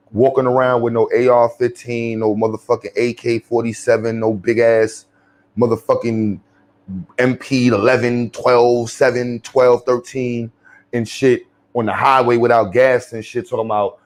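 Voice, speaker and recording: New york guy ranting on his channel, cussing a lot, slangy and blunt, mid-pitched voice. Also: steady tone, normal speed. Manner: blunt, profane, drawling, slangy. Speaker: commentary vlogger. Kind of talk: profane casual commentary.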